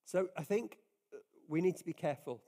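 Pastor, man, conversational sermon delivery, slightly higher pitch. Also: fairly quick, dark tone. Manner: earnest, conversational preaching with frequent restarts. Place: church service.

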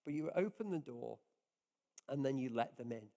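Man preaching in a mellow voice. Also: medium pitch, expressive, normal speed, gravelly. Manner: earnest, conversational preaching with frequent restarts. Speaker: pastor. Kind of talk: sermon. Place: church service.

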